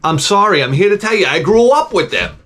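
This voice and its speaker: A man's voice: sits high, big pitch swings, fairly quick, a bit bright. A middle-aged man hosting his own channel, telling rambling, profane stories in a casual, digressive way. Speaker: channel host.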